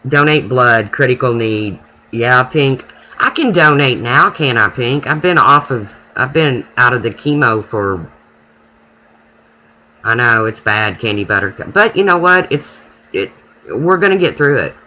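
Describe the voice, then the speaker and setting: This is a man hosting a casual live stream, chatting with his audience and answering comments by name. His voice sits at an ordinary pitch with a bright, forward edge. He talks emphatically, with a preachy streak, as he makes his points. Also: expressive, measured pace, a little hiss or hum, poor audio.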